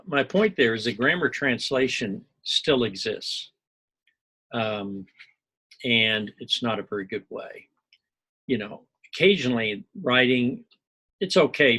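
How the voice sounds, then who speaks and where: Middle-aged male lecturer from Missouri, folksy and digressive, with a rough, breathy edge to the voice. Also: mid-range voice, pushed and bright, poor audio. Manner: rambling, folksy, digressive with asides and small jokes. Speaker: university instructor. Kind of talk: recorded lecture commentary.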